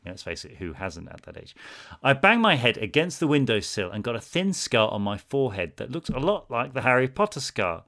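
A man's voice: mid-range voice, fairly bright tone. A man co-hosting a podcast, chatting in a friendly way and reading listener questions aloud. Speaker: podcast co-host. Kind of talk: casual podcast chat.

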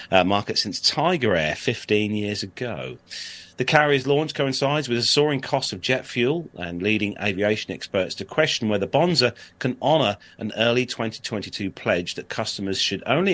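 A man's voice: mid-range voice, fairly bright tone. Chatty man hosting a podcast. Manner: friendly, chatty, reads news aloud with filler "uh"s. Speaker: podcast host. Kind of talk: casual chat and news reading.

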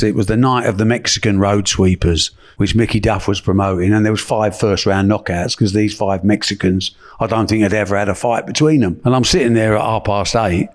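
Older guy, lowish voice, telling stories lively and chatty, does the other people's lines. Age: 70s. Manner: lively, colloquial, acts out dialogue. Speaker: guest, sports promoter. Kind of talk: anecdotal storytelling.

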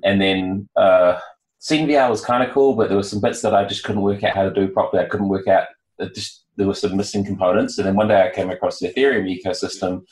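A man from New Zealand with a New Zealand accent, a guest in a casual podcast interview, talking in a relaxed, hesitant way with many fillers. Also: low voice, reverberant, rough recording. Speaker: guest, founder.

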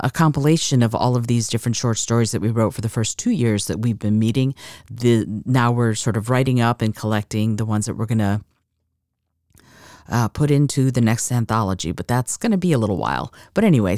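Encouraging woman podcast host, mellow tone. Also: very deep voice, no echo, clean studio sound. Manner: conversational and encouraging. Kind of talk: podcast talk on creativity.

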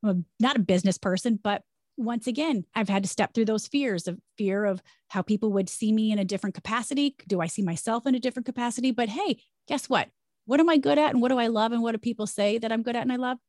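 A middle-aged woman, a former broadcaster, talking about faith and career change in an energetic, emphatic way. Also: a little high, quick pace, dry recording, studio quality. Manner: energetic, emphatic, preachy storytelling. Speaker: podcast guest, former broadcaster. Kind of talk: conversational faith-based interview.

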